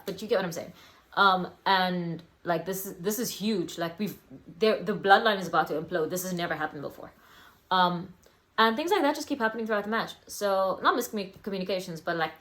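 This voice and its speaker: Young woman, wrestling review vlogger, casual and meandering, middle-pitched voice, frequent fillers and restarts. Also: fairly bright tone. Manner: chatty, rambling, many fillers and self-corrections. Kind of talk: casual solo review vlog.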